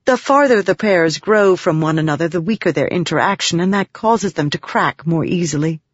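A woman's voice: lowish voice, husky, dry recording. A woman voicing a gracious noblewoman patron. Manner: gracious, measured, explaining patiently. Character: poised noblewoman patron of scholars. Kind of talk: audiobook character reading. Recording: dry, slightly muffled recording.

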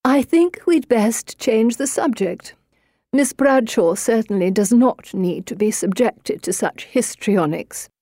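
A prim old grandmother in an audiobook, measured and reproving, keeping the polite tone of a tea table, as a woman narrator puts her on. The sound is warm and dry. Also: mid-range voice, animated, no room sound, pitched above the performer's own voice. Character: stern, prim elderly grandmother.

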